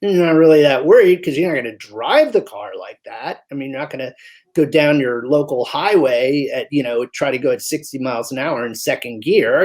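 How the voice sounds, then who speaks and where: A man with a gravelly, slightly husky voice talks through his ideas in an interview. He has an animated storytelling manner and often slips into voices for the people in his examples. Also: fairly high pitch. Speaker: guest physician. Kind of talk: conversational interview.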